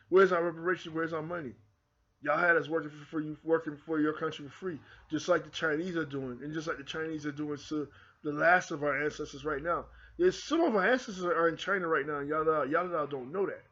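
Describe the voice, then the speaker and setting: A man's voice: fairly high pitch, fairly bright tone. A man with an American accent hosting his own channel, delivering a fervent, repetitive monologue straight to his viewers. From United Kingdom. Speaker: channel host. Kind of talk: impassioned monologue to camera. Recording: dull lo-fi recording.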